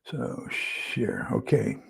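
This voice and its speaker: Speaking very slowly in a lowish, sing-song voice with vocal fry and a breathy edge, a livestream host meanders through fillers. He reads a document aloud and has trouble with screen sharing.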